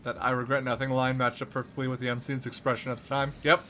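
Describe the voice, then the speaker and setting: Bright-voiced male game streamer. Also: medium pitch, little pitch movement, fast, soft background music. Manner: joking, laughing often, greeting chat. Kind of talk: casual game-stream commentary.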